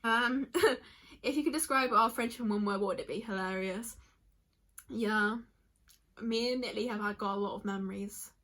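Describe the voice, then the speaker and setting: A woman's voice: a little high, a bit bright. A young woman vlogging in a rambling, chatty way, reading out answers and getting emotional easily. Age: young adult. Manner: chatty, rambling, quick to tear up. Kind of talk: casual vlog chat reading answers aloud.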